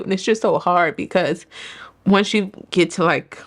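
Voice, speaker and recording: A woman, a salon owner, giving an earnest personal faith testimony in an interview, telling her story in an animated way. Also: on the low side, measured pace.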